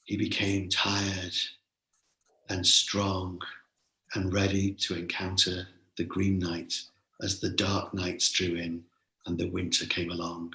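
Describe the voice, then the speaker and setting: Gravelly, playful male storyteller. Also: low voice, slow pace, reverberant, low-quality recording. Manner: playful and animated, with asides.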